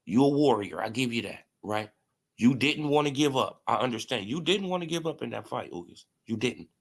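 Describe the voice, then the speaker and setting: An animated man with a medium-pitched, creaky voice speaks a little fast while commentating boxing on a casual stream. He mocks, swears, laughs regularly and answers his chat.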